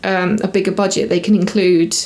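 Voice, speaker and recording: A woman talking casually to camera as she reviews a TV episode, rambling a little, correcting herself and filling pauses as she thinks aloud. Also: mid-range voice, flat delivery, darkish tone. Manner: chatty, rambling with fillers and self-corrections.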